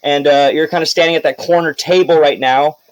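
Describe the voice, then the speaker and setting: A man narrating a tabletop game as game master, in a relaxed, rambling way with fillers and quick bursts. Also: fairly high pitch, no room sound, poor audio.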